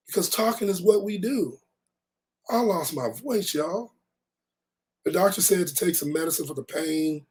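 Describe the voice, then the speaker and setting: A man's voice: on the high side, dark tone. A middle-aged man, a life coach telling a personal story in a folksy, earnest way, his voice weak and strained. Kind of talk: personal vlog talk.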